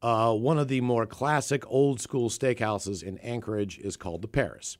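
A man's voice: medium pitch, normal speed. A man from the Seattle area, co-hosting a podcast, telling a profane, rambling story in casual chat. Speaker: podcast co-host.

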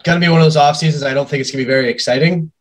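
A man co-hosting a sports podcast over a video call, giving his opinions in a relaxed conversational way. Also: on the high side, rapid-fire. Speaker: podcast co-host. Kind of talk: casual sports podcast chat.

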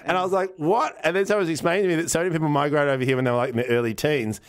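This Australian co-host speaks very fast in a smooth, steady, slightly high voice during a relaxed podcast chat. Rambling as he tells stories, he restarts sentences as he goes, laughs readily and swears freely.

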